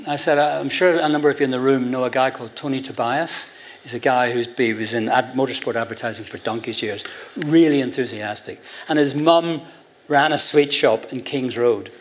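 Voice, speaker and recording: A man's voice: mid-range voice, moderate pace, a little hiss or hum. An older man with an Irish accent, telling a long anecdote as an interview guest in front of an audience, acting out the voices of the people in his story with a laugh in his voice. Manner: animated, acts out quoted voices with a laugh in his voice.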